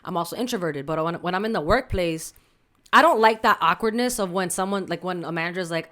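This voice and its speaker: A woman's voice: lowish voice, fast, fairly bright tone. Woman cohosting a podcast, chatty and blunt, slang and spanish bits tossed in. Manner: candid storytelling with slang and Spanish asides. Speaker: podcast co-host. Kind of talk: casual chat.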